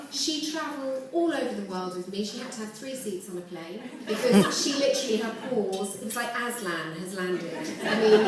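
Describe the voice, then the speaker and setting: A woman's voice: on the high side, distant mic. Woman telling her story in an echoey hall. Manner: earnest, reflective, with warm laughter. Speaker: award speaker. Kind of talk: personal storytelling speech.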